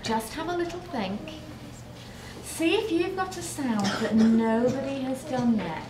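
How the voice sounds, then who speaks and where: Far from the microphone, with a crowd audible behind her, a British primary teacher guides small children through a sound game in an echoey classroom. She speaks in a high-pitched, expressive voice without hurrying. Her delivery is encouraging and stretched out, full of animal and buzzing noises.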